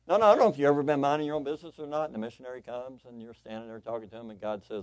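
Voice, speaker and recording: A man preaching a sermon in church, swinging between loud emphatic lines and quiet, conversational asides. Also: medium pitch, racing, hardly any pauses. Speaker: pastor. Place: church sanctuary.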